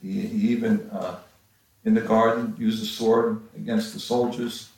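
A man giving a halting Bible-teaching sermon, with frequent restarts and pauses. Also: fairly low pitch, flat delivery, darkish tone. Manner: halting, many restarts and fillers. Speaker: preacher. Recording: far from the mic in a very echoey room.

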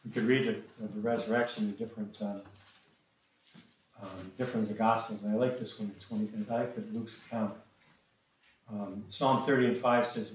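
A man's voice: fairly low pitch, fairly even intonation, normal speed, slight background noise. A man preaching a sermon and reading scripture, often hesitating with repeated words and ums. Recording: echoey room from a distant mic.

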